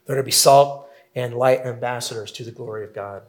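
A man preaching an expository sermon, measured and teaching, with occasional fillers. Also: medium pitch, steady tone, a little mellow. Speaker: pastor.

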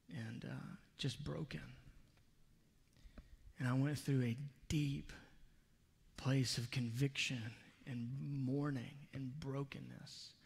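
A man preaching a sermon, telling a personal story in an earnest, confessional way with soft asides. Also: medium pitch, slightly rough, big-room sound. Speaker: pastor.

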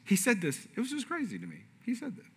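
A man preaching a sermon as pastor, telling animated stories and calling on the congregation to shout out. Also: very high voice, husky. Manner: animated storytelling, asks audience to shout out; shifts from loud excited to quiet slow and intimate.

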